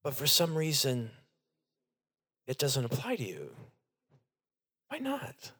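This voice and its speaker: A man's voice: mid-range voice, very animated, unhurried, bright, forceful tone, husky. A middle-aged man preaching a sermon to his congregation in a church, earnest and direct. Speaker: pastor. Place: church sanctuary.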